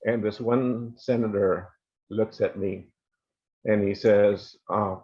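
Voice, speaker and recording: An older man on a panel, slowly telling a story from his working life and quoting the people in it. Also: on the low side, fairly even intonation, dark tone, highs cut off. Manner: slow, measured storytelling with quoted dialogue.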